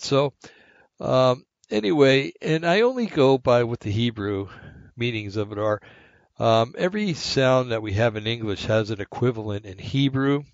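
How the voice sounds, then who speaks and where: A man's voice: mid-range voice, dry recording. A man hosting a rambling, casual monologue, short of breath and slightly shaky, with many fillers and asides. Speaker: podcast host. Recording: dull, lo-fi and dry.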